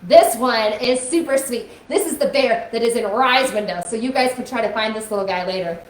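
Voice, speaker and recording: A woman's voice: a little high, fairly quick, a little hiss or hum. Upbeat woman coaxing kids in a roomy echo. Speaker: children's music teacher. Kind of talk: kids' live stream lesson with singing. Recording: echoey room with faint music.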